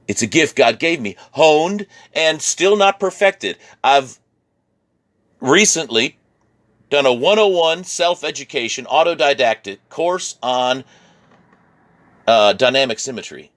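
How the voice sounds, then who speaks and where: In a reflective personal vlog, a male artist from Virginia, USA discusses his art with a blended, Midwestern-sounding American accent, frequently laughing and repeating himself. His mid-range voice is expressive and a bit bright, at a measured pace.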